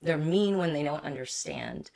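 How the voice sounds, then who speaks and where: Woman w/ a really low voice, chatty, agreeing and laughing about a movie. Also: wildly swooping pitch, moderate pace, creaky, darkish tone. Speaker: podcast guest. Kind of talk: casual movie discussion.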